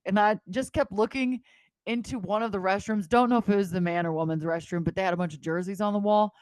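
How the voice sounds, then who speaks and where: A woman in her thirties co-hosting a podcast in casual chat, animated and joking, quick to tease. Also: mid-range voice, no echo. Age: 30s. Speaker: podcast co-host.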